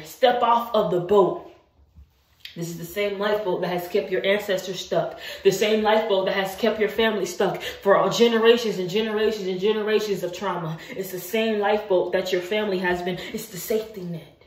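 A woman's voice: medium pitch, steady tone, brisk. A woman preaching to camera as a faith mentor, urgent and repetitive, firing off rhetorical questions. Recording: roomy room, distant mic.

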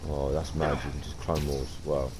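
A man's voice: very deep voice, little pitch movement, moderate pace, noisy background. A man giving casual, slangy gameplay commentary, chatty and blunt. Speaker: gamer streamer.

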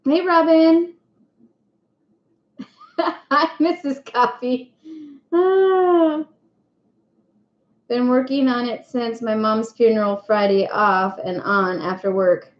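A woman's voice: fairly high pitch, slow pace, long pauses. A woman hosting a casual live stream, chatting and greeting viewers one by one by name. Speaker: livestream host. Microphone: webcam mic. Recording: echoey room, dull lo-fi sound.

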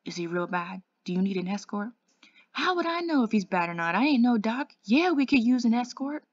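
A gruff male police officer, brusque and businesslike, as a woman reads him. The voice sits low with a gravelly edge. The recording sounds dull and dry. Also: flat delivery, fairly quick, no room sound.

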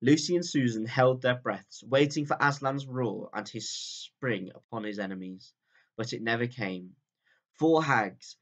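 A male teacher reads a chapter of a children's book aloud, calm and steady, his voice dropping low at the close of each sentence. The sound is lo-fi.

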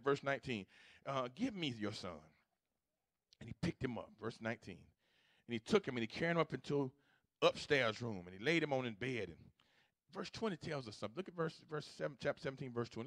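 A man preaching a sermon as pastor, moving from quiet storytelling to loud, repetitive exhortation. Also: medium pitch, no echo, clean studio sound. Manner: swings from hushed storytelling to loud preaching, repeats phrases. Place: church sanctuary.

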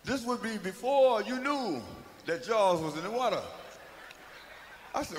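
A man's voice: sits high, big pitch swings, measured pace, long pauses. A man giving a live spoken-word comedy monologue, telling the story in a loose, profane, rhythmic way. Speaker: comic storyteller. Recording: live hall recording, faint noise.

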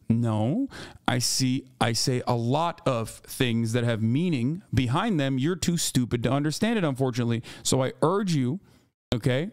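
A man's voice: mid-range voice, animated, moderate pace, darkish tone, no room sound, studio quality. A man streaming a reaction to a debate clip, ranting in a heated, profane and sarcastic way at the clip and at his chat. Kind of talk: heated livestream reaction commentary.

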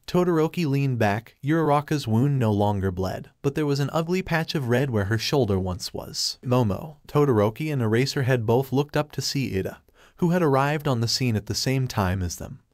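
A man reads a fan-fiction story aloud in a steady, even voice. His pitch sits in the middle of the range, and the recording is dry and close, with no room echo. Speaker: narrator.

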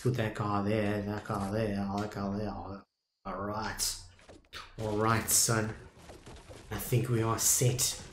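Slow-talking South African game streamer. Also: male voice, lowish voice, little pitch movement, reverberant, a little hiss or hum. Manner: talks to viewers as "dudes" and "boys", swings from muttering to loud dismay. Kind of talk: casual live gameplay commentary.

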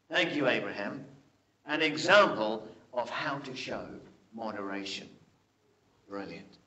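Older man, sermon, slow and deliberate delivery, slightly high voice, rhetorical questions, hushed quoted lines, faint background noise. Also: low-quality recording. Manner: animated storytelling, drops to a hush for quoted lines; asks the congregation rhetorical questions. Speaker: preacher.

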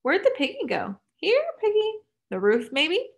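Taunting teen party crowd, high and sing-song, cruel and giggly, put on by a woman reading the story. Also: huge pitch swings, a little slow, gravelly, exaggerated voice.

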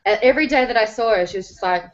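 A woman, hosting a talk show, telling stories in a playful, animated way. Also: on the high side, rapid-fire, highs cut off. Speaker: host. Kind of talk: casual chat.

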